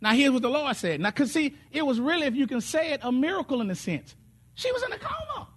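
Speaking fast in an extremely high voice, this preacher delivers a sermon built on testimonies. He voices the quotes dramatically and breaks into song for certain phrases.

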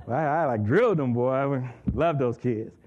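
A man giving an excitable testimony in church, laughing often and repeating his words as he tells the story. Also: medium pitch, a little slow, muffled recording, a faint crowd.

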